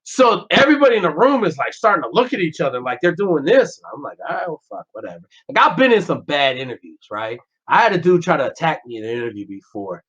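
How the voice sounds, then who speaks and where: A man's voice: on the high side, quick pace, hardly any pauses, slightly rough. Blunt, profane man telling war stories. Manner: blunt, profane, animated retelling of dialogue. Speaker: podcast guest, former Navy SEAL. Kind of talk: casual storytelling interview. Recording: slightly dull lo-fi podcast audio.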